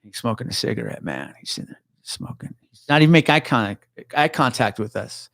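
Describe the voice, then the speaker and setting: A man in his forties, a retired police officer, telling a profane, animated story as a podcast guest. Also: medium pitch, a little fast, gravelly, dry recording, studio quality. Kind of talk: casual storytelling chat.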